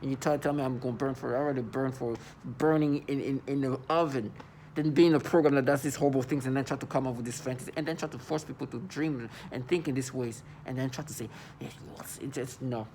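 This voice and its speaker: A man's voice: medium pitch, fairly even intonation, fast talker, a little mellow, a little hiss or hum. A man talking to the camera in an agitated monologue, often stammering and repeating words. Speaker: vlogger.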